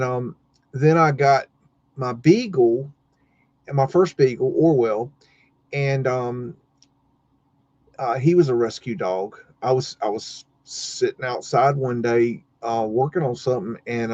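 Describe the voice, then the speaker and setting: A man's voice: medium pitch, a little mellow, dry recording, highs cut off. A man hosting a livestream, telling a story casually and rambling with many fillers and restarts. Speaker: livestream host.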